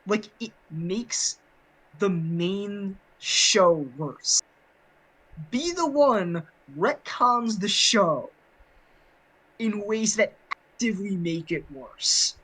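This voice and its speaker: A man's voice: sits high, animated, drawn-out words, sharp tone, husky, rough recording. A man co-hosting a casual podcast chat, rambling with many fillers and restarts. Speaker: podcast co-host.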